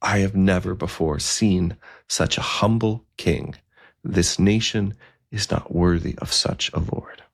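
A man voicing a gentle, humble old bishop who speaks calmly and gravely. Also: low-pitched, measured pace, heavily acted. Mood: solemn, sorrowful.

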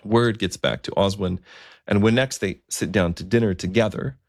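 A man retells a story in a conversational, vivid way. His voice is very deep, with a gravelly fry. The sound is dry and close to the microphone. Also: moderate pace, a little mellow, dry recording. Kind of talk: storytelling narration.

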